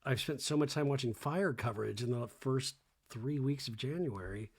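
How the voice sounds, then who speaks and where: A man's voice: medium pitch, normal speed, breathy edge. A man hosting a casual recap podcast, chatty, sarcastic and profane. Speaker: podcast host recapping a reality show. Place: home in Los Angeles.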